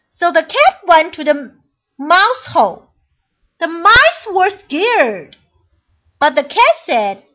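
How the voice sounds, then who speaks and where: A woman reading a children's storybook aloud, clear, deliberate and expressive. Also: very high voice. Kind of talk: slow storybook read-aloud.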